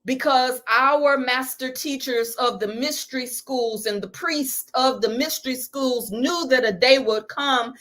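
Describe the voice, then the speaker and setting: A woman's voice: sits high, unhurried, hardly any pauses, fairly bright tone. A middle-aged woman teaching on spirituality in a live stream, preacherly and full of rhetorical questions.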